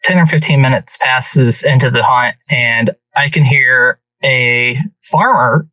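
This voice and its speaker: Man guest, casual storyteller with frequent restarts, bright and a little distant from the mic. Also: mid-range voice, slow pace, no echo. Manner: animated hunting story with many restarts. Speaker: podcast guest.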